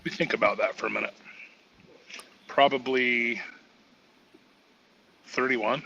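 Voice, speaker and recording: Gravelly man cracking crude jokes. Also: mid-range voice, steady tone, takes it slowly, sharp tone, dull audio, a little hiss or hum. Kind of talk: casual open-panel chat.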